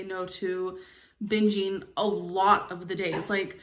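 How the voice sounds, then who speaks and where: A woman's voice: on the low side, flat delivery, takes it slowly. A woman in her twenties talking emotionally in a confessional vlog, rambling with fillers. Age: 20s. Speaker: vlogger.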